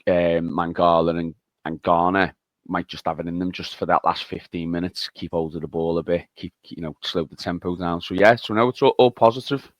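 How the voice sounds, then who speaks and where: A man on a football podcast panel, talking in a measured way and thinking aloud. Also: deep voice, fairly even intonation, no echo. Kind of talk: casual football chat.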